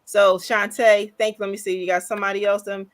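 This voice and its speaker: A woman hosting a casual livestream, upbeat and animated, repeating phrases for emphasis. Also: mid-range voice, a little fast, no room sound. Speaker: livestream host.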